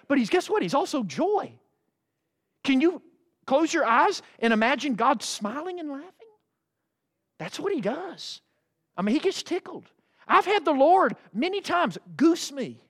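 Animated preacher man. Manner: animated and folksy, swooping between loud highs and low asides. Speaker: pastor. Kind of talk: sermon.

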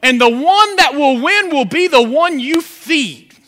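A man preaching a sermon as pastor, animated, with call-and-response questions to the congregation. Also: very high voice, measured pace.

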